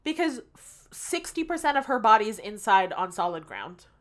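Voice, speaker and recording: A woman's voice: medium pitch, big pitch swings, moderate pace. Woman cohost cracking up over a movie scene, sweary and casual. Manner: laughing, amused, sweary retelling. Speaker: podcast co-host. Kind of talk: casual chat recapping a movie.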